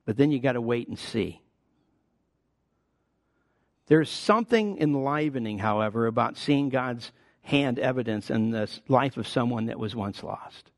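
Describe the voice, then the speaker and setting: A man's voice: lively intonation, a little slow, vocal fry, no room sound. Emphatic older male pastor, dry sound. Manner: emphatic, with sudden rises in pitch and volume on key words; conversational, personal asides. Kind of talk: sermon.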